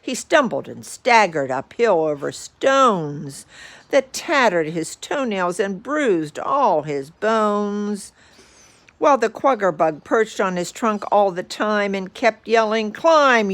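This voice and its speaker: A woman reading a rhyming picture book aloud with lively expression. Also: mid-range voice, slow. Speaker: storyteller.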